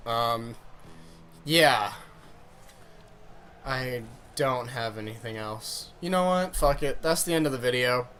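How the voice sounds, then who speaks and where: A man's voice: a little high, fairly bright tone, slight background noise. Rambling young man telling a story. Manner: rambling, swearing, laughing storyteller. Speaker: vlogger. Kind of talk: casual storytelling vlog.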